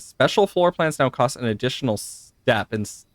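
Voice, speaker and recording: A man's voice: mid-range voice, sing-song, moderate pace, dry recording, studio quality. A man streaming a puzzle game live, chatting to viewers, laughing often and swearing now and then. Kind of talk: live gameplay commentary.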